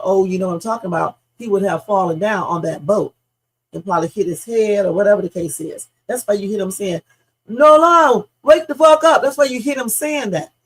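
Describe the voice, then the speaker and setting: Blunt gravelly woman streamer. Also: medium pitch, darkish tone, rough recording. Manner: blunt, opinionated, frequent "okay?" asides, swears. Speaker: reaction streamer. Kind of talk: casual true-crime reaction commentary.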